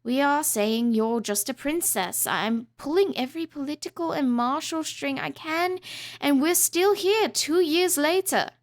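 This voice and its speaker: A woman's voice: high voice, expressive, unhurried, pitched above the performer's own voice. A woman voicing a stern, weary queen mother who talks firmly and curtly. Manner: firm, curt, dismissive.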